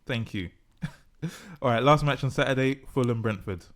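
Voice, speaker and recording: A man's voice: mid-range voice, moderate pace, a bit bright. A man co-hosting a casual podcast, reading out results and making predictions in a teasing, presenting way. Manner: teasing, game-show-like presenting. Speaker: podcast co-host, football fan.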